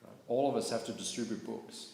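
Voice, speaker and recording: A man teaching a scripture class in a relaxed, conversational way, often checking in with his listeners. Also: mid-range voice, fairly quick, gravelly. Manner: conversational, keeps asking "right?". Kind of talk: casual scripture class talk. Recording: echoey hall with faint noise.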